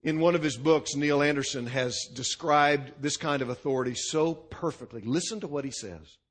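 A man's voice: on the high side, moderate pace. A male pastor preaching a sermon to a congregation with emphatic, punchy delivery and repeated lists.

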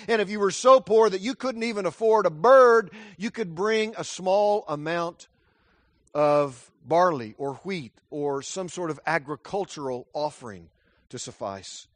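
A man preaching a sermon, telling a story dramatically and swinging from loud declarations to hushed tones. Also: sits high, no room sound.

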